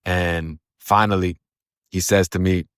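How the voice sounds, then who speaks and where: A man's voice: low-pitched, little pitch movement, unhurried, a bit bright, clear, resonant tone, no echo, studio quality. A man telling his own story in a casual, blunt, profane way of talking, slipping into acted voices when he quotes others. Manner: blunt, profane street talk. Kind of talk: casual first-person storytelling.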